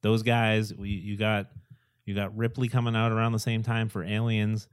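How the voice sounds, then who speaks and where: Casual co-host, man, low voice, dry close sound, rambling and excited. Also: normal speed, smooth, no room sound. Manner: enthusiastic, rambling, acts out quotes. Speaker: podcast co-host. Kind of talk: casual chat.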